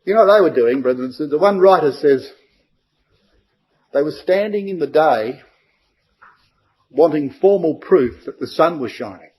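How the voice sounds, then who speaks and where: A man's voice: a little high, lively intonation, moderate pace, long pauses, darkish tone, slightly rough, rough recording. A man giving a verse-by-verse Bible study to a congregation, emphatic and full of rhetorical questions.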